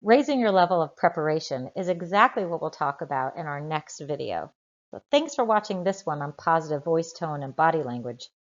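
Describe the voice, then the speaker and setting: A woman host giving a calm, scripted sign-off to the video. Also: sits low, fairly quick, lo-fi sound.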